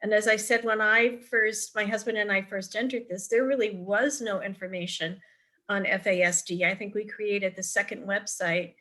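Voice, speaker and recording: Her medium-pitched voice sounds pushed and bright, with fairly even intonation at a moderate pace. A middle-aged woman and parent advocate on a video call, she gives chatty, anecdotal advice in a virtual forum, often using ums and restarts.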